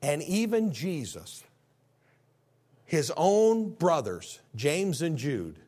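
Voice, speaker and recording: A man in his fifties or so, preaching a sermon, grandfatherly and animated, swinging between soft, drawn-out lines and near-shouting. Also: a little high. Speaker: pastor.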